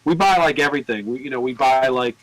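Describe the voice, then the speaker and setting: A man working in a record store, telling cursing, animated stories in casual chat. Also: mid-range voice, fast talker, dry recording, poor audio. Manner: profane, animated storyteller.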